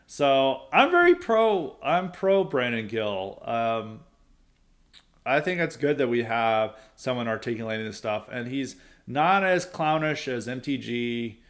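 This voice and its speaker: A man's voice: mid-range voice, sing-song, a little slow. Opinionated male podcast host. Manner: opinionated, rambling, with frequent asides and chuckles. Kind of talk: casual political commentary.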